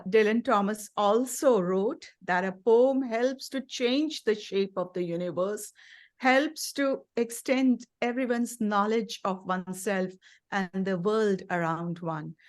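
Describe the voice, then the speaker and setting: A woman hosting a poetry reading on a video call, thanking poets and introducing the next one. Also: mid-range voice.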